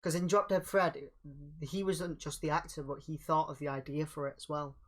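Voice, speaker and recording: A man's voice: on the high side, brisk. A young man co-hosting a podcast, bantering with frequent laughs and swearing. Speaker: podcast co-host. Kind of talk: casual chat.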